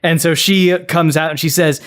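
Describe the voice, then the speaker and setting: A man telling a comedic story on a podcast, narrating scenes and slipping into voices with deadpan asides. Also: a little high, normal speed. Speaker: podcast co-host and player.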